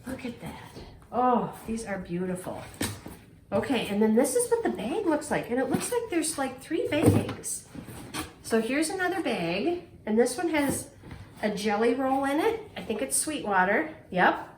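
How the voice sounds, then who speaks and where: A middle-aged woman chatting to her viewers, gushing and exclaiming, with a fairly high, very lively voice and an unhurried pace. Her voice rings in an echoey room at home, over a faint hiss. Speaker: quilting vlogger unboxing a prize. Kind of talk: casual excited unboxing chat.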